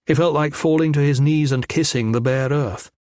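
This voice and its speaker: A man reading a thriller audiobook as narrator in a measured, even storytelling manner, close to the microphone. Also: a little high, dry recording. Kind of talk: scripted narration.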